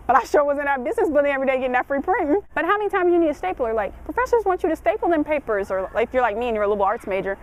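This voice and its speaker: A woman's voice: high-pitched, a little hiss or hum, low-quality recording. A young woman giving casual college dorm advice, chatty and colloquial, laughing often.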